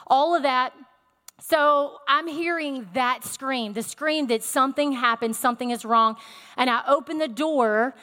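A woman preaching a sermon, telling a personal story in a conversational, animated way with fillers. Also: sits high, big-room sound.

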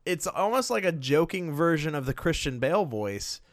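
A man co-hosting a podcast, chatting casually and excitedly about movies, swearing now and then. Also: on the high side, normal speed, no echo, clean studio sound. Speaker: podcast co-host. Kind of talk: casual chat.

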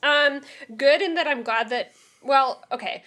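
A woman's voice: high voice, measured pace, pushed and bright. A woman co-hosting a podcast in casual book-discussion chat, frank and amused, laughing often. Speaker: podcast co-host.

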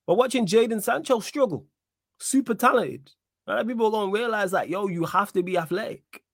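A man's voice: high voice, a little fast, no echo, clean studio sound. A man hosting a casual football podcast, talking in an emphatic, opinionated way and repeating his points. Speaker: podcast host. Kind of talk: casual football chat with live chat readout.

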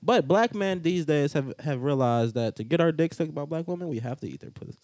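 Man, podcast host, lively pitch, dry close mic, teasing, laughs a lot, crude casual chat. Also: brisk, dry recording. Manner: laughs often, teasing, animated.

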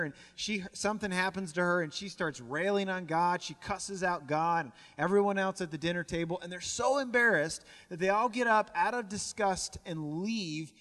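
A man's voice: high voice, fairly bright tone, in a large hall. A man preaching a sermon as pastor in a church, telling stories and often repeating words as he goes. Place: church sanctuary.

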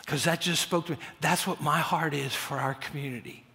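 A man's voice: a little high, brisk, vocal fry, hardly any pauses. Middle-aged male pastor in a reverberant hall. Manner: storytelling, drops to a near-whisper for prayers, rises to loud emphasis. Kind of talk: sermon. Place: church auditorium. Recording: long church-hall reverb.

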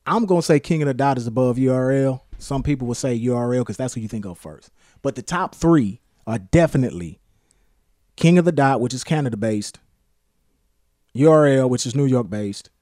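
A man with a mid-range voice talks on a podcast, heard dry and close with no room sound. He rambles between points, swears a lot and lets his sentences drift off softly. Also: medium pitch, no echo. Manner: rambling, profane, trails off quietly. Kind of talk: casual chat.

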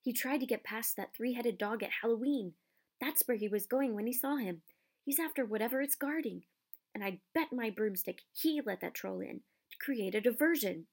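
A woman's voice: a little high, normal speed, a little mellow. A woman voicing an earnest, nervous young schoolboy in a storybook reading. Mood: urgent. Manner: earnest, urgent.

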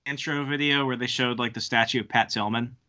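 A man's voice: mid-range voice, steady tone, fairly quick, bright, forceful tone. A man who is a podcast guest, talking casually in a wry, offhand way. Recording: dull remote line.

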